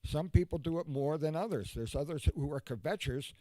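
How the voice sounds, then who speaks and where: A man in casual podcast chat who talks haltingly and corrects himself mid-sentence. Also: on the high side, mellow, no room sound.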